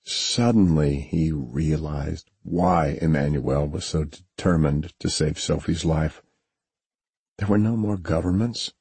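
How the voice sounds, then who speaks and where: Male audiobook narrator, very deep, mellow and husky, dry studio sound. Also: slow, no room sound. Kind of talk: scripted narration.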